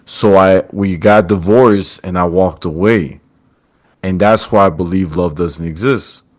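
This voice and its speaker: A man with a fairly low voice hosts a casual podcast chat. He tells a story with lively energy and acts out what each character says. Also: measured pace. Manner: animated storyteller, acts out quotes. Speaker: podcast host.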